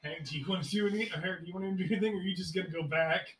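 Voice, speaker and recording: A man's voice: sits high, rapid-fire, fairly bright tone, echoey room, far from the mic. A man narrating a tabletop game as game master, in a casual, swearing manner full of fillers.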